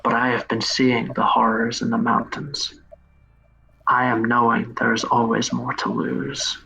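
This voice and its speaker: Stern lord with clipped formal grammar, played by a man, bright tone. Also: medium pitch, flat delivery, a little slow, creaky, slight background noise, rough recording. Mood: grave. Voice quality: stilted speech, "I am having" phrasing. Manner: grave, warning. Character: Hanzo, wary old castle lord with odd grammar.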